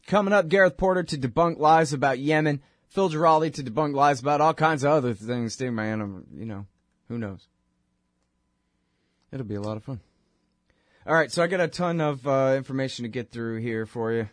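A man's voice: mid-range voice, brisk, dry recording. Male talk host, sarcastic and rambling; dry, close sound. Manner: rambling and sarcastic, many fillers. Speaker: radio show host. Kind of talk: casual political talk monologue.

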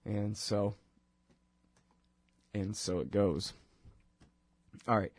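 A man's voice: on the low side, very slow, darkish tone, slightly rough. A man hosting his own talk show, delivering a sarcastic, ranting political monologue full of mocking asides. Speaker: radio show host.

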